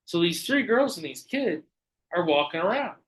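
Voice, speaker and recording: A man telling lively stories in casual podcast chat, swearing freely and acting out the people he quotes. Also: sits high, moderate pace, rough recording. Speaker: podcast guest.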